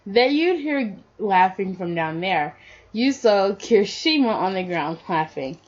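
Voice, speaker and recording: A woman acting as a storyteller casually reads fan fiction aloud to her listeners, slipping and restarting along the way. Her mid-range voice is expressive and a little mellow, and she reads a little slowly. The recording is dull lo-fi audio.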